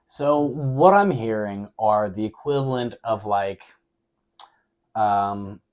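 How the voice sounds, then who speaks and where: Low-voiced reflective interview host. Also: male voice, expressive, slow, darkish tone, highs cut off. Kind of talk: casual interview talk.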